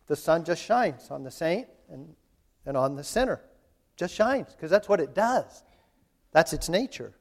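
A man's voice: a little high, lively intonation, measured pace. A man preaching a sermon in a chatty, conversational way, retelling scripture in everyday voices. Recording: long hall reverb.

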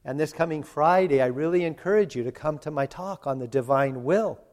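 This preacher's voice sits on the high side and carries a slight mellowness, his delivery a touch quick. Earnest and pleading, he addresses the congregation directly, giving voice to God and Jesus in quotes, all within a long hall reverb.

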